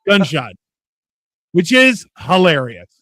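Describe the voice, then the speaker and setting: A man's voice: a little high, very animated, slow, sharp tone. A man co-hosting a casual movie watch-along, joking and swearing freely. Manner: joking and profane, with mocking voices for characters. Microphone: live stream microphone.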